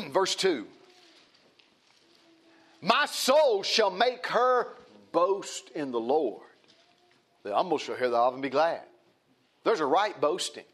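A man's voice: on the high side, very animated, slow pace, long pauses, a bit bright. A man preaching a sermon, emphatic and repetitive, often restarting his phrases.

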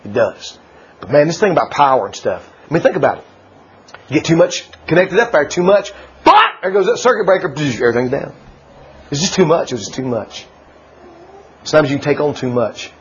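A preacher man with a husky, breathy voice that rises fairly high and leaps around in pitch, laughing through his points. He swings between shouted declarations and quiet asides. The sermon comes through a dull, lo-fi church recording. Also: fast. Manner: animated, laughing, swings from loud to hushed. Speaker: pastor. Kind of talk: folksy sermon.

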